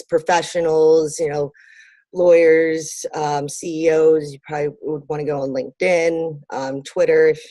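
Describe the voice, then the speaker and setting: A woman with a low, mellow voice answers interview questions in a relaxed, rambling way, full of ums and little laughs. The sound is dry and close. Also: no echo. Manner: lots of ums and fillers, laughs easily. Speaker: interview guest, marketing business owner. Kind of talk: conversational interview.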